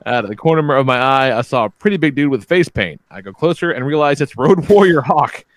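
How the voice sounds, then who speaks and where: A man's voice: mid-range voice, animated, fairly quick, slight background noise. A man co-hosting a podcast, reading out listener stories in a laid-back, swearing, casual chat. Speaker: podcast co-host.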